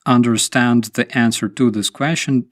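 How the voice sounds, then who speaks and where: A man's voice: mid-range voice, fairly even intonation, normal speed, dry recording, studio quality. A man from Ukraine, hosting a casual live stream in a rambling, darkly sarcastic way. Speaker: streamer host.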